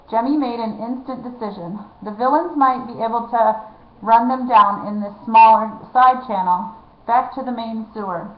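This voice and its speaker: A woman's voice: a little high, moderate pace. Woman reading a storybook aloud. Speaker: reader. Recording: echoey, dull lo-fi room.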